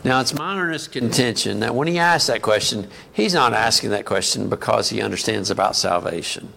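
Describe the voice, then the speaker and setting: A man's voice: fairly low pitch, brisk, vocal fry, sharp tone, a little hiss or hum. A man preaching a sermon in a conversational teaching manner, often asking the congregation questions.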